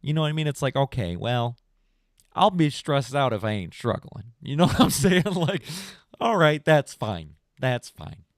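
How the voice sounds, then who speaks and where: A young man hosting a late-night podcast stream, talking in a loose, rambling way and jumping between stories and complaints. He sounds animated and casual, with his voice sitting at a middle pitch. The sound is dry and close to the mic. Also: normal speed, dry recording. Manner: rambling, animated storyteller, says "bro". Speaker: podcast host.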